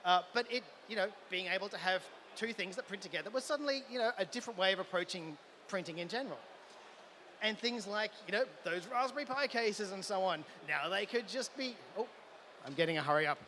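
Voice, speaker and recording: An Australian man speaks at a conference with eager enthusiasm, tripping over restarts as his ideas run ahead of him. His voice sits high and bright. Faint event ambience hums behind him. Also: expressive, fairly quick, slight background noise. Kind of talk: live conference talk. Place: event hall.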